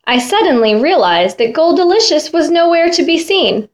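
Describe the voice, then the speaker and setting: Woman storyteller, high and lively, unhurried read-aloud of a kids' picture book. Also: roomy sound. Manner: expressive, lively character voices. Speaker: storybook reader.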